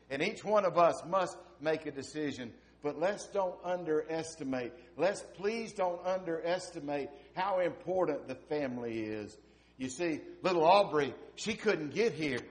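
A man in his fifties preaching a sermon, swinging from hushed, near-whispered lines to loud, emphatic ones. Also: medium pitch. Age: 50s. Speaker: pastor.

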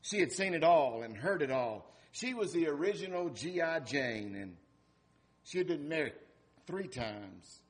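A man preaching an Easter sermon, telling a story with dramatic swings in loudness. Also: a little high, lively intonation, a little slow. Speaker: pastor.

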